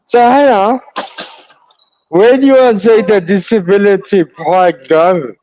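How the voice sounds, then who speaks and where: A man with a fairly high voice chimes in with short, agreeing replies in a casual podcast chat. His sound is dull and lo-fi, as if recorded on a cheap mic. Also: fairly even intonation, a little slow, a little mellow, slight background noise. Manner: brief affirming interjections. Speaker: co-host.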